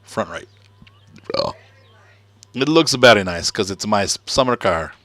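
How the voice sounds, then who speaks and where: A middle-aged man with a fairly low voice chats through a video game session with his son. He talks in a loose, relaxed way, thinking out loud and chuckling as he works. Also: a little slow. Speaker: let's play host, father. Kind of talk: casual gameplay commentary.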